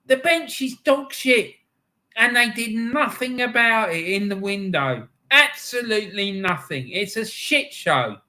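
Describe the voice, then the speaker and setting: A middle-aged man hosts a live match-day stream in a fairly high voice, ranting and shouting with heavy swearing. His tone is bright and forceful, and he breaks off to read chat messages aloud. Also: expressive, unhurried.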